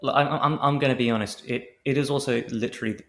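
A man's voice: mid-range voice, fairly even intonation, fast talker, fairly bright tone. A man co-hosting a podcast in casual chat, joking and rambling with many restarts. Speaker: podcast co-host.

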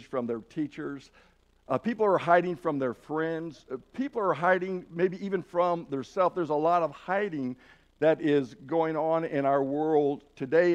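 A man's voice: fairly high pitch, lo-fi sound. A man preaching a sermon in an earnest, encouraging way, often restarting his phrases.

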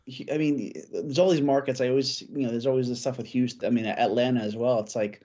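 A man chatting casually about hockey as a podcast guest, thinking out loud with fillers and restarts. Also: medium pitch, fairly even intonation, fast, highs cut off. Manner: thoughtful, many fillers and restarts. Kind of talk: casual sports chat.

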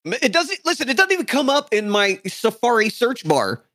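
A man's voice: very high voice, huge pitch swings, brisk, pushed and bright, no echo, clean studio sound. A man co-hosting a podcast, bantering in a profane, mock-outraged way. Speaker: podcast co-host. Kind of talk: casual banter.

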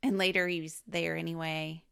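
A woman co-hosting a film podcast in casual chat, laughing often and chiming in with quick remarks. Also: sits low, flat delivery, gravelly, fairly bright tone, smooth. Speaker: podcast co-host.

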